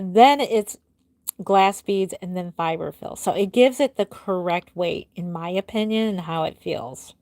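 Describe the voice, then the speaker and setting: A woman in her forties chats on a doll-making livestream and answers comments as they come in. Her voice sits at a medium pitch and sounds a bit tired. The sound is close and dry, with no room echo. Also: a little mellow. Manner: chatty, reads out and answers viewer comments. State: tired, yawning. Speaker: doll artist hosting a livestream. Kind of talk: casual livestream chat.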